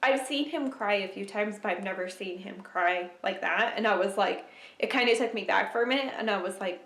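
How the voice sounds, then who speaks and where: A young woman vlogger chatting casually to camera at home, emotional and quick to laugh. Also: medium pitch, fairly bright tone. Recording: echoey room.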